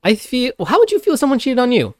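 A man's voice: very high-pitched, wildly swooping pitch, fast. A young adult man co-hosting a casual podcast chat, talking bluntly and animatedly, swearing and laughing often. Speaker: podcast co-host.

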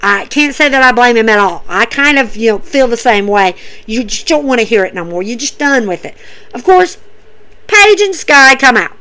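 High-pitched lady gushing over wrestling, rambly, lots of you know's. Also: normal speed, low-quality recording. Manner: excitable, rambling with many fillers. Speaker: wrestling podcast host. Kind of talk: casual recap and commentary.

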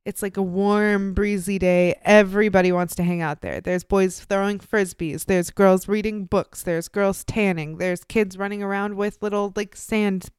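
A young woman narrates a true-crime story to her co-host, loose and animated, dropping swear words and slipping into quick voices for the people she describes. Her voice is smooth and resonant. The sound is close and dry, with no room around it. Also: mid-range voice, dry recording. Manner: animated, profane, acts out quoted voices. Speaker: podcast co-host.

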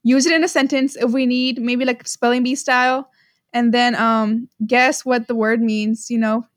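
A young woman from Texas with a Texan accent, co-hosting a laid-back podcast. She talks in a giggly, bubbly way, full of likes and ums, her voice sitting high. The sound is dry and close, with no room echo. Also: level tone, moderate pace. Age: young adult. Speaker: podcast co-host. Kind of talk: casual chat.

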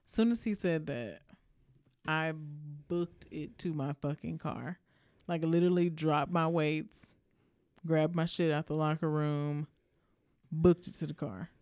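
A woman from Alabama tells a casual podcast story, full of swearing and acted-out lines of the other people in it. Her voice is smooth and clear. It sounds close and dry, with no room echo. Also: sits low, fairly even intonation, slow pace, a little mellow. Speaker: podcast co-host. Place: indoor podcast studio.

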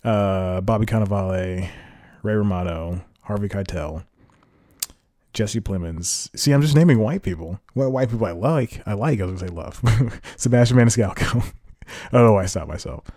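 A man with a fairly low, mellow voice hosts a casual podcast, rambling and correcting himself as he goes. He laughs at his own asides. The recording is dry and close. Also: moderate pace, no room sound. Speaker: podcast host. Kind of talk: casual solo podcast talk.

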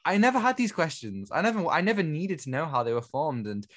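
A man co-hosting a film podcast, giving his opinions in relaxed, thoughtful chat. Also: a little high, fast talker. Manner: opinionated, thoughtful, lots of "I feel like". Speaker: podcast co-host. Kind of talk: casual film review chat.

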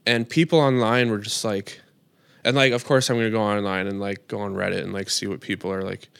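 A man's voice: lowish voice, flat delivery, a little fast, creaky, a bit bright, clear, resonant tone, no room sound. A man co-hosting a podcast, chatting casually and rambling with lots of "like" fillers. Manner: rambling, heavy use of "like". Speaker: podcast co-host. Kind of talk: casual chat.

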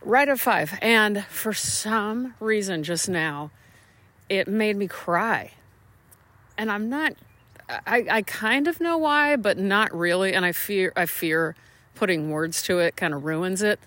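A woman's voice: mid-range voice, slow, a bit bright. A woman hosting a casual solo podcast from a small room at home, rambling and self-deprecating, a little stuffy from allergies. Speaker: podcast host.

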